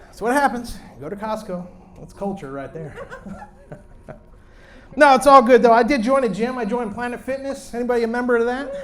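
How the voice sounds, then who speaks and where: A man in his late thirties doing a loud, brash, crude stand-up set on a comedy club stage, talking into a handheld mic. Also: very high voice, animated, moderate pace. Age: late 30s.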